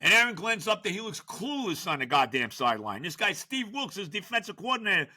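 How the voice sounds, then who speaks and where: An older man hosting a sports podcast, ranting in exasperation with stammered restarts, jumping from shouts to low grumbles. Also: big pitch swings, fairly quick. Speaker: podcast host. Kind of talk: sports rant.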